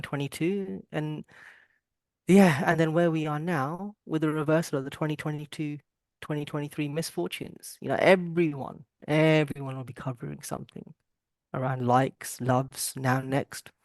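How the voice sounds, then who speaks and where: A man's voice: on the high side, fairly even intonation, normal speed, dry recording, clean studio sound. A man hosting a casual podcast over a video call, talking in a rambling, emphatic way. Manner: rambling, emphatic, calls guests bro. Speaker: podcast host.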